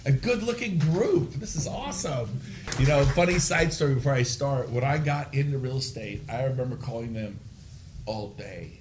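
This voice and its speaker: A man's voice: mid-range voice, moderate pace, background noise. A man giving a live real estate training talk to a room of agents, telling stories with a lot of energy. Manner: energetic, animated storytelling.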